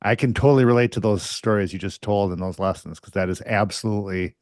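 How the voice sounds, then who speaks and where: Low-voiced, affirming podcast host man. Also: fast, a little mellow, no room sound, studio quality. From United States. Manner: affirming listener with frequent short agreements. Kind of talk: casual interview conversation.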